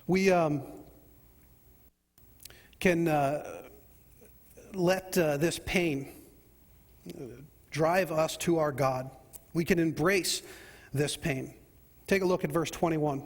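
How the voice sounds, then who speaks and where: A man preaching a sermon as pastor, asking rhetorical questions and leading the congregation in call-and-response, swinging between loud and quiet passages. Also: a little high, slow, pauses often. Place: church sanctuary. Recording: long hall reverb.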